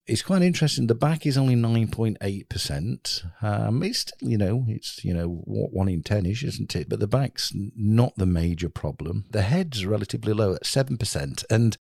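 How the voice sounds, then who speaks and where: A man's voice: lowish voice, lively intonation, normal speed, creaky, hardly any pauses, a little mellow, dry recording, clean studio sound. A man hosting a casual chat, explaining with statistics and plenty of fillers.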